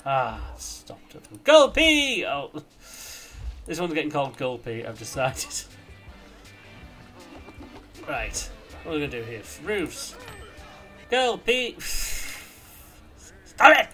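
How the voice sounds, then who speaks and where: A young man casually commenting on his own gameplay, rambling and chatty, with sudden silly shouts. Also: medium pitch, measured pace, long pauses, soft background music. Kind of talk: casual let's-play commentary.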